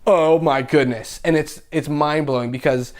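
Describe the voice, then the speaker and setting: A young man talking as a podcast guest in casual chat, excitable and animated, swearing freely and laughing often. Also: on the high side, normal speed.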